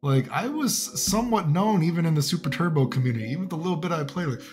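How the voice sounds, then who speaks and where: A man's voice: on the high side, animated, fast, hardly any pauses, soft background music. A man giving casual, profane, rambling commentary as a fighting game streamer. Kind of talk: ranting commentary.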